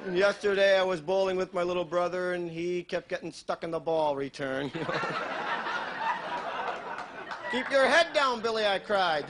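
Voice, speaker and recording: A man with a high voice delivers deadpan stand-up with grim punchlines and an offhand shrug in his phrasing. He is recorded from an old 1980s TV broadcast, with a studio audience clearly audible and steady background noise under him. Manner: dry, offhand delivery of dark jokes, many "you know" tags. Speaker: stand-up comedian. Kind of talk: stand-up routine. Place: television studio stage with a live audience.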